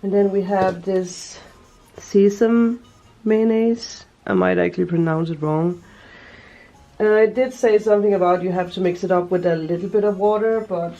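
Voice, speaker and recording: A woman's voice: fairly low pitch, steady tone, normal speed, mellow, muffled recording, soft background music. A woman vlogging casually as she cooks, chatting and thinking aloud as she goes. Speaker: cooking vlogger. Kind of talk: casual cooking vlog.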